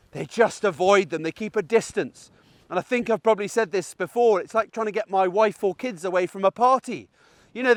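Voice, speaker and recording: Dog trainer guy, fairly high voice, dry close sound, chatty and explaining stuff. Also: dry recording. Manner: chatty and explanatory, checks in with "okay?". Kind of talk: outdoor training tutorial. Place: outdoors in a field on a dog walk.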